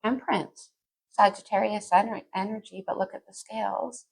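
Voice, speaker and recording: A tarot reader with a medium-pitched, steady voice, showing vocal fry and a breathy edge, reads cards for her viewers at a normal speed. She's chatty and thinks aloud, sometimes softly singing lyrics, and the recording quality is low.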